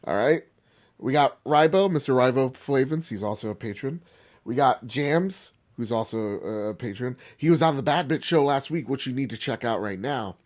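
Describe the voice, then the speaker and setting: Animated male podcast host. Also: mid-range voice, normal speed. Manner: animated, rambling, laughs often. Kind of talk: casual podcast chat.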